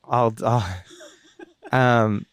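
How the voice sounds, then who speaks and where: With a medium-pitched, flat delivery, this man's voice comes across clear and resonant on a dry recording. He's a former radio host and comedian from Canada, spinning casual interview stories in a rambling, self-deprecating, talkative manner full of quick restarts.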